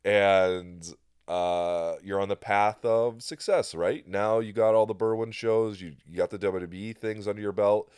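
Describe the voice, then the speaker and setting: Laid-back teasing podcast host, lowish voice. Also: male voice, fairly even intonation, a little slow, darkish tone, clean tone, no echo. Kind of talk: casual podcast chat.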